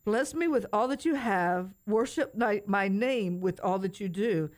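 A woman co-hosting a Christian radio show, bubbly and excitable, reading a prophetic word aloud. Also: mid-range voice, measured pace. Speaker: radio co-host. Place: radio studio.

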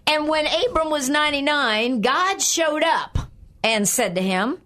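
A woman's voice: high-pitched, lively intonation, a little slow, sharp tone. An older woman co-hosting a Christian program, giving a chatty Bible teaching with frequent laughs and check-ins.

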